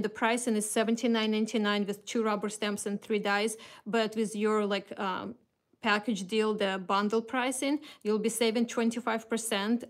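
A woman with a Russian accent, hosting a casual craft product showcase and chatting with many fillers and restarts. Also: medium pitch. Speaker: craft company host.

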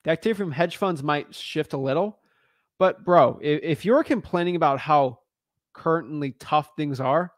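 A man hosting a live stream in a blunt, emphatic, slangy manner. His voice sits a bit high for a man. The sound is close and completely dry. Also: moderate pace, no echo. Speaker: host.

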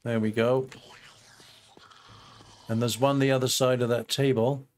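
An older man with a mid-range voice talks through his gameplay in a relaxed, rambling way. He thinks aloud, breaks off mid-sentence, and keeps turning to his viewers. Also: medium pitch, a little slow. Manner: chatty, thinks aloud with fillers and asides to viewers. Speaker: gameplay host. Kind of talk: casual let's-play commentary.

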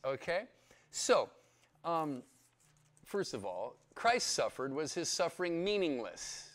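A man's voice: on the high side, sing-song, measured pace. A man teaching the Bible in a casual, conversational sermon, often checking in with his listeners. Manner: chatty, keeps checking in with "yeah?". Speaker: pastor.

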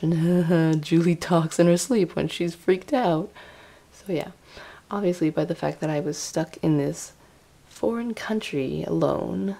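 Young woman vlogger, low mellow voice with vocal fry, chatty and rambling, laughs through her travel stories. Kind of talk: casual travel storytelling. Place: indoors in Austria.

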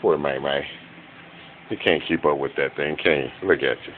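A man filming his dogs at home on a handheld camera, giving an excited, laughing, profane running commentary that turns quieter near the end. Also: moderate pace, narrow, tinny audio, slight background noise. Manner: quieter and lower toward the end. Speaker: dog owner filming his pets. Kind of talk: casual home video commentary. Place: room in a home with a bed.

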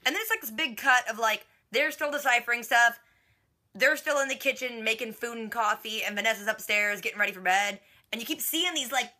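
A TV reaction vlogger, a young woman with a slightly high, pushed and bright voice, recaps an episode casually. Her delivery is slangy and chatty, full of "like."

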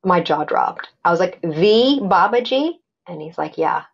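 A woman's voice: lowish voice, lively intonation, measured pace, breathy edge, highs cut off. A middle-aged woman recounting a personal story as a podcast guest, animatedly acting out quoted dialogue with many restarts.

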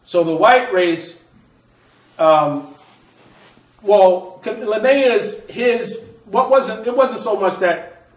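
A man's voice: high voice, very slow, long pauses. Lecturing man in an echoey room. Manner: explanatory, frequent rhetorical "right?" checks and restarts. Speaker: author and Islamic scholar. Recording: echoey room, mic at a distance.

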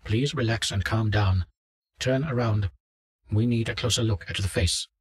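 A man's voice: fairly low pitch, normal speed, voice pushed up, natural voice. A man voicing a polite, insistent male doctor giving orders over a headset. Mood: clinical.

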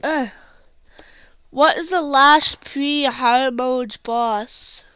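A woman talks through a video game in a jokey commentary, now and then breaking into yelps and exclamations. Her voice sits high and sounds bright and sharp, and she takes her time between lines. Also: very slow, clean tone, dry recording. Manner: jokey, bursts into screams and exclamations. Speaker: gaming channel host. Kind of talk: gameplay commentary.

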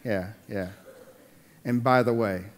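A middle-aged pastor preaches with animated energy, doubling back on his words as he drives each point home. His voice carries a long hall reverb from the sanctuary around him. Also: fairly low pitch, takes it slowly. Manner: animated, repeats words when building a point. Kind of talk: sermon.

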